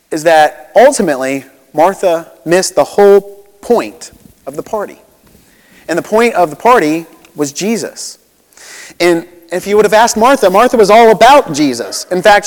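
A man's voice: high-pitched, long reverb tail. A man preaching a sermon as a pastor, conversational and relatable, with frequent asides and restarts.

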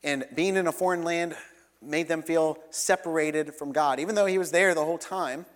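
A man preaching a sermon as a pastor, earnest, swinging between loud emphatic lines and soft quiet ones. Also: fairly high pitch, steady tone, normal speed. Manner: earnest, rises and falls between loud and soft, leads congregation in repeating. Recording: long reverb of a hall.

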